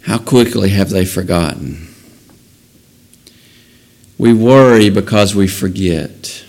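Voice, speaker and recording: A man's voice: sits low, slow pace, darkish tone, low-quality recording. A man preaching a sermon and reading scripture aloud, earnest, often building to emphatic raised passages.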